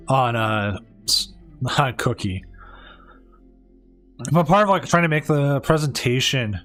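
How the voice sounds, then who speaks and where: A man's voice: medium pitch, lively intonation, unhurried, long pauses, fairly bright tone, faint music behind. A man hosting and casting a live tournament stream, talking casually and rambling with many restarts and fillers. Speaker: tournament stream host and caster.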